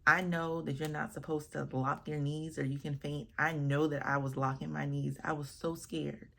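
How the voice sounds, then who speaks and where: A woman with a low, husky voice and a gravelly edge tells a casual storytime vlog about officiating a wedding. She is animated and expressive, acting out what people said to her. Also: moderate pace.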